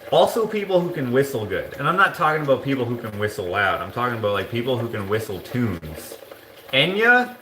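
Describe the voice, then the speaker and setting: A man's voice: lively intonation, quick pace, hardly any pauses, a bit bright, reverberant, a little hiss or hum. A man hosting a live stream, chatting casually and reading out viewer comments with jokey asides. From Canada. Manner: rambling, jokey, mock-sings in a high voice. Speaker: livestream host.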